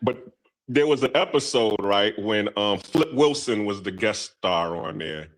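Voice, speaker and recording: A man's voice: lowish voice, expressive, measured pace, rough recording. A man hosting a casual talk show, rambling through long stories with lots of ums and restarts. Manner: rambling storytelling with many fillers. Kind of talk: casual discussion.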